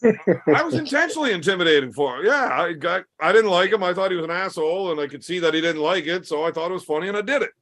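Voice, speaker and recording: Man, young adult, higher-pitched, crude laid-back storyteller, swears a lot. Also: animated, fast talker, a bit bright. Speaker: podcast host. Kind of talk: casual storytelling chat.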